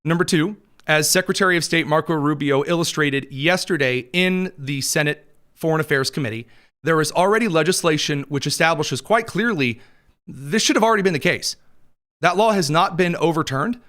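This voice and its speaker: A slightly high-voiced man hosting a news show from a studio mic. He runs through the headlines with wry, sarcastic asides and chuckles at his own jokes, his throat a little dry. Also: moderate pace, a bit bright. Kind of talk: sarcastic political news commentary.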